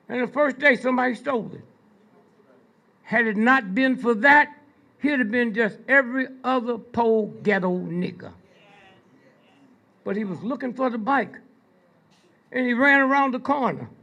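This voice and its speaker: An older man telling stories to a live audience, prodding listeners with repeated "Hmm?" and "Huh?" between pointed pauses. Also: extremely high pitch, bright, forceful tone. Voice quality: gravelly, husky. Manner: slow, drawn-out delivery with pointed pauses. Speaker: speaker addressing an audience. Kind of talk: storytelling lecture to a live audience.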